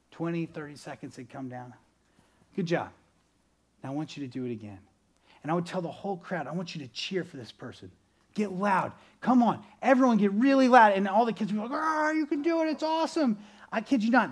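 A man preaching a sermon as pastor, animated, swinging between loud bursts and quiet, earnest stretches. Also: high voice.

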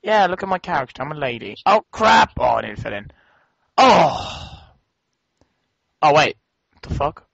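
A young man playing a video game with a friend, chatting casually, excitable and swearing as he cheers the game on. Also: fairly high pitch, unhurried, gravelly, pauses often, no echo. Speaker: game co-player. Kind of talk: casual let's-play chat. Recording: dull lo-fi dry home recording.

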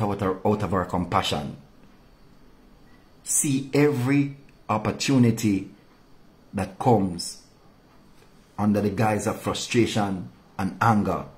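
A man preaches a devotional sermon in a fairly low-pitched voice. He rebukes his listeners with passion, then sinks into quiet, weighty phrases for emphasis. His delivery is earnest and direct. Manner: impassioned, rebuking, drops low and soft for emphasis. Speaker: pastor.

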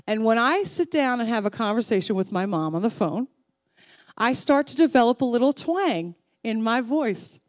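High-voiced woman preaching a sermon. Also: expressive, moderate pace. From Texas family, Southern upbringing. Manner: emphatic preaching, repeats phrases, swings from loud to soft. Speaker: pastor.

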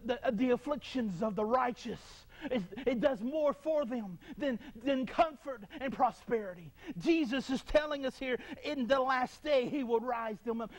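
A man delivering a sermon to his congregation in a very high voice. He preaches with fervor, repeating phrases and stumbling into quick restarts as he presses each point home.

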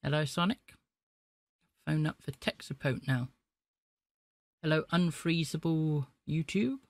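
A man's voice: fairly high pitch, unhurried, slight background noise. A man live-streaming, chatting to viewers and prank-calling scammers. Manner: chatty, talks to chat between calls.

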